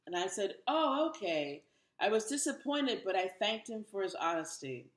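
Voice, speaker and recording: A woman's voice: medium pitch, big pitch swings, moderate pace. Thirtysomething woman doing standup, wry and self-mocking, voice jumps all over, echoey room. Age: 30s. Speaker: stand-up comedian. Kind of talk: stand-up comedy set.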